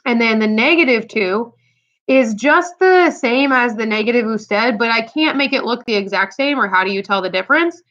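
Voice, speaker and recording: A woman teacher explains quiz answers to her students in an upbeat, chatty way. Her voice is bright and a little high. The recording sounds dull and lo-fi. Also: moderate pace. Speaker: Spanish teacher. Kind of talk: recorded lesson walkthrough.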